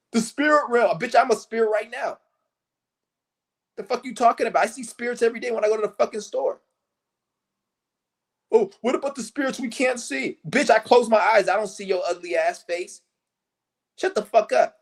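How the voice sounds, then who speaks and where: A man streaming a furious, cursing rant who mocks the people he criticizes in shrill put-on voices. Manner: angry, cursing, mocking; breaks into high mocking impressions of others. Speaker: livestream host. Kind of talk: profane rant to camera.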